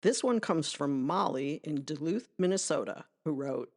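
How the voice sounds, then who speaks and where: A woman's voice: low voice, expressive, normal speed, creaky, slight background noise. A woman hosting a podcast, reading a scripted sports monologue in a conversational, emphatic way with asides to the listener. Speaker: podcast host.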